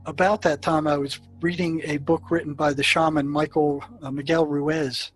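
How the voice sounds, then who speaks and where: A man's voice: on the high side, level tone, moderate pace, faint music behind, rough recording. An older man, a psychiatrist, telling stories from his work in an interview, with many fillers and restarts. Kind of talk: storytelling in an interview.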